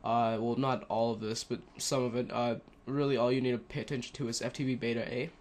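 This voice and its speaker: In a casual screen-recorded tutorial, a man on a headset walks through a computer task at a quick pace. His mid-range, slightly mellow voice shows little pitch movement, and he rambles with frequent fillers and self-corrections over slight background noise.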